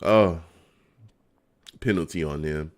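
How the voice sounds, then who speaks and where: A man's voice: deep voice, slow pace. A young man on a live stream reacting to a football game, laughing constantly and exasperated, talking in slang to his chat.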